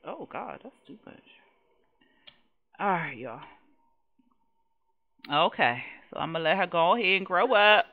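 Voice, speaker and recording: A woman hosting casual gameplay commentary, animated and exasperated, swearing freely and talking straight to her viewers, on a dull lo-fi recording. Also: lowish voice, unhurried, long pauses. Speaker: gaming channel host.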